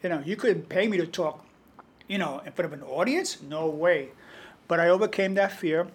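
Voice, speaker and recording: A man's voice: a little high, moderate pace, slightly rough. A man with a New York Bronx accent, telling stories as a guest in an interview. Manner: animated anecdotal storyteller. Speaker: guest storyteller and poet. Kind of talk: conversational interview storytelling.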